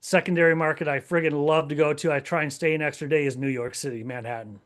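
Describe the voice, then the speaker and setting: Podcast guest, male, lively and emphatic, slightly high voice. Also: fast. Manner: lively, emphatic, talks through ideas with restarts. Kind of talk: casual interview talk.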